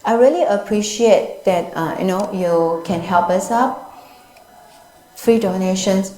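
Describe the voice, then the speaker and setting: A woman voicing a meek elderly male monk who speaks softly and haltingly in a story within her Buddhist talk. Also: mid-range voice, reverberant, slight background noise, natural voice, low-quality recording. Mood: remorseful. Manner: soft, halting speech with fillers.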